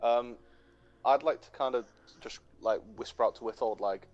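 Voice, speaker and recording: A man's voice: medium pitch, normal speed, darkish tone. Guy playing tabletop rpg, kinda hesitant, muffled lo-fi audio with faint music behind. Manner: hesitant, laughs at own moves. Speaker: player. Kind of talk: casual tabletop play. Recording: dull lo-fi sound with faint music.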